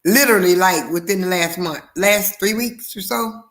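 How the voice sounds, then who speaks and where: A woman's voice: on the low side, moderate pace, a bit bright. A woman co-host in casual chat, talking in a rambling way with frequent restarts and easy laughter.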